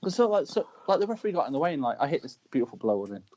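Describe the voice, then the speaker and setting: British male wrestler, rapid animated storyteller, dull low-fi recording. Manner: animated, shouts quoted lines mid-story. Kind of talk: casual storytelling chat. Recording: dull lo-fi call audio.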